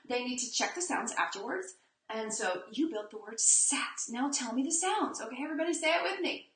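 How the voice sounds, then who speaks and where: A woman leads a live online reading lesson, talking with energy and drawing out each letter sound. Her voice sits a bit high and sounds bright and forceful. The room around her is echoey. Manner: energetic, emphasizes sounds slowly. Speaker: reading teacher. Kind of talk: live online teaching demo.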